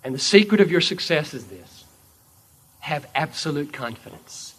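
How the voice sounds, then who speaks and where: Dramatic, animated male preacher. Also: a little high, moderate pace, slightly rough. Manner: dramatic storytelling, swinging from loud to hushed. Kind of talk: sermon.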